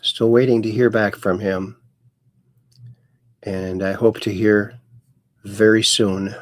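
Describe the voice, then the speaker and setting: A man hosting a casual livestream, slowly reading chat messages aloud with sudden bright upswings. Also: lowish voice, little pitch movement, no room sound. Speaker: host.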